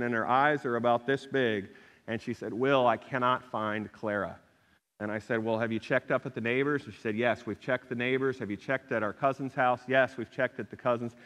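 A middle-aged man preaching a sermon, telling a personal story in an animated way and acting out the people he quotes. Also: medium pitch, smooth. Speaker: pastor. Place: church sanctuary. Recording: long hall reverb.

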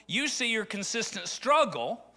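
A man's voice: sits high, very animated, unhurried, bright, forceful tone. A middle-aged man from rural Arkansas, preaching a conversational sermon that rises into fervent appeals. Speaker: pastor.

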